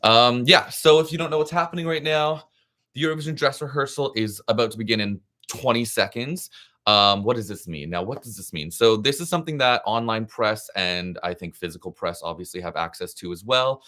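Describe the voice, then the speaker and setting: A young man hosting a live reaction stream, chatty and excitable, giving frank opinions in a scattered, casual way. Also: mid-range voice, brisk. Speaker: livestream reaction host.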